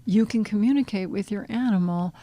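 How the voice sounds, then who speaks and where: A middle-aged woman, an animal communication counselor, talking in a soft, guiding way that sometimes drops to a hushed near-whisper in a podcast interview. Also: mid-range voice, fairly quick, dry recording.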